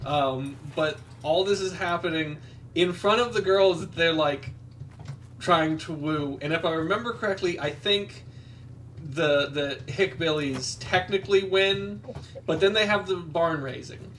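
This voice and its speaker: A man's voice: a little high, a little slow, fairly bright tone, recorded from a distance, slight background noise. A man casually retelling a movie plot while playing a game, rambling with lots of fillers and quoted lines. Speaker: podcast co-host.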